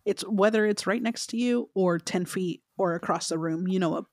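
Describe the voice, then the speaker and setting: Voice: mid-range voice, moderate pace, no echo, clean studio sound. A co-host in casual chat, talking in a laid-back, musing way with some hesitation.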